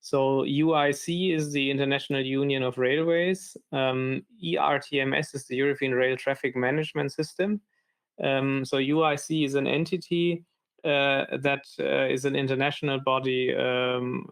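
A man's voice: medium pitch, fairly even intonation, normal speed, vocal fry, clear, resonant tone. A man presenting a technical talk on a developer video call, hesitant and full of fillers.

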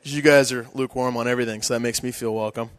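A man's voice: medium pitch, steady tone, fast, clean tone. A young man doing a stand-up comedy set in a club, rambling, self-mocking and crude.

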